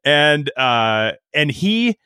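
A man's voice: fairly high pitch, drawn-out words, clear, resonant tone, dry recording, studio quality. A middle-aged man telling a casual sales story as a podcast guest, laughing often and quoting himself. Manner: animated anecdote-teller, laughs often, quotes himself.

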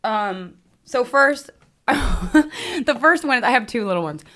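A woman's voice: fairly high pitch, lively intonation, slow, fairly bright tone. A woman co-hosting a podcast in casual chat, telling stories in a giggly, rambling way. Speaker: podcast co-host.

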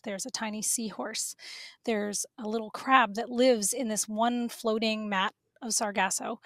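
A woman telling a personal story as a podcast guest, animated and emotional, laughing now and then. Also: a little high, dry recording, clean studio sound.

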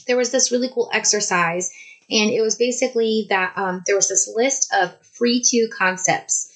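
A woman, telling a personal story in a casual, animated vlog style. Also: mid-range voice, poor audio. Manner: chatty, animated, many "like"s. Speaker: vlogger.

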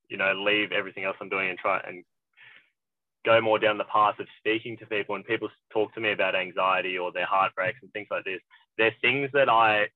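A man's voice: lowish voice, no echo. A man talking in a reflective, rambling way, hosting a casual podcast conversation. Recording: dry tinny phone-like line.

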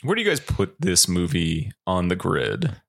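A man hosting a podcast, lively and steering the talk with questions. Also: deep voice, normal speed, vocal fry. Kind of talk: casual podcast chat.

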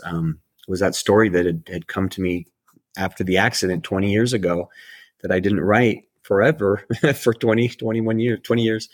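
A middle-aged man, an author and life coach, talking reflectively in an interview and often repeating words as he restarts. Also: low voice.

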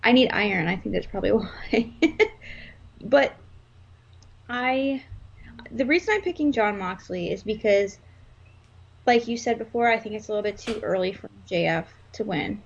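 Husky-voiced woman chatting animatedly. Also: medium pitch, normal speed, long pauses. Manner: animated, rambling, jokey. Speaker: podcast co-host. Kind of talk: casual wrestling podcast chat. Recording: slightly dull lo-fi sound.

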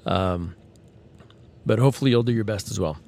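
A man's voice: fairly low pitch, a little fast, gravelly, a little mellow. A man hosting a podcast, talking through a casual, earnest monologue with frequent fillers and restarts. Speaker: podcast host.

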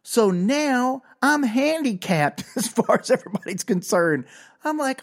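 An older man hosting a podcast, telling a self-mocking comic story with animated, exasperated outbursts. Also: sits high, moderate pace. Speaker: podcast host.

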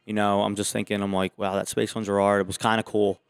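A man, a gym owner and trainer, guesting on a podcast and chatting in a relaxed, rambling way. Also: lowish voice, fast, creaky, clean tone, no echo. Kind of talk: casual interview chat.

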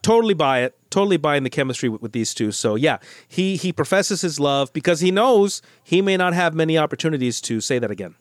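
A middle-aged American man co-hosting a casual movie podcast, chatty and animated, often restarting his sentences. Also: fairly high pitch, fairly quick, hardly any pauses, dry recording, studio quality. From United States. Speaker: podcast co-host.

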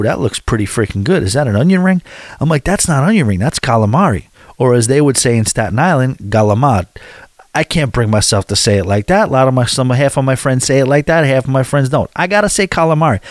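A man's voice: mid-range voice, no room sound, studio quality. Rambling middle-aged man telling a story. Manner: rambling, with frequent restarts and asides. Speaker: vlogger recounting a cruise stop. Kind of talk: casual storytelling.

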